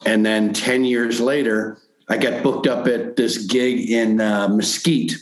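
A man's voice: medium pitch, little pitch movement. Rambling man in a roomy space. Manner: rambling, halting, full of restarts. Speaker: comedian guest. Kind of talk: casual storytelling interview. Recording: roomy echo.

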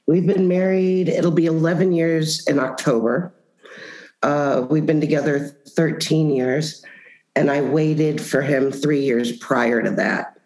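A woman telling a story in a casual interview, animated and often laughing. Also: low voice, measured pace. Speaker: comedian guest. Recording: roomy echo.

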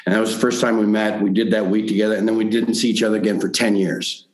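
A man telling a story in a casual interview, rambling with lots of halting restarts. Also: on the low side, level tone. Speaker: comedian guest. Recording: roomy echo.

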